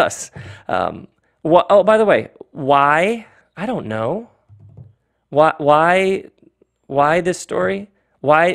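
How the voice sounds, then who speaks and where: A middle-aged man hosting his own podcast, talking in a loose, animated monologue full of laughs and asides. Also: mid-range voice, creaky. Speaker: podcast host. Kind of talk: casual monologue.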